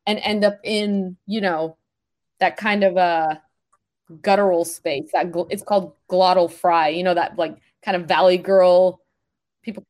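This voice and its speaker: A woman voice coach chatting on a podcast, animated and demonstrative, laughing often. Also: medium pitch. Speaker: voice coach guest. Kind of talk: casual podcast conversation.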